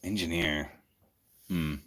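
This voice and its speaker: A man's voice: sits low, steady tone, slow pace, fairly bright tone. A man casually chatting and joking on his own stream, thinking aloud as he goes. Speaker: streamer hosting a chat. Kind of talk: casual livestream chat.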